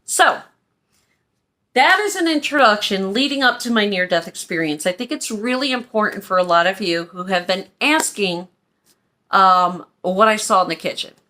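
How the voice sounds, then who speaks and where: A woman from Pennsylvania telling a personal story in a casual, animated vlog style. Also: mid-range voice, normal speed. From Pennsylvania, USA. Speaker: vlogger.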